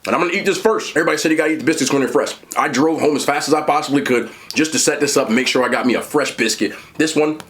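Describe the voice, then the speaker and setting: A man talking casually while eating and reviewing fast food, chatty and animated, pausing to chew. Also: a little high.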